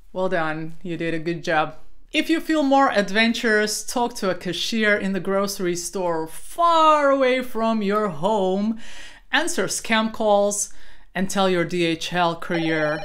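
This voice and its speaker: Playful woman vocal coach, slow and lively. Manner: playful, joking teacher who switches into a low gravelly rattle for demos. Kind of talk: voice lesson demonstrating false cord talking.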